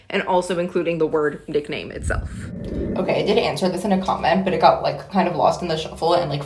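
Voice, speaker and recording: Young woman chatting about nicknames, upbeat, lots of "like", kinda low voice. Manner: chatty, upbeat, frequent "like" fillers. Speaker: educational video creator. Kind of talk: casual explainer to camera.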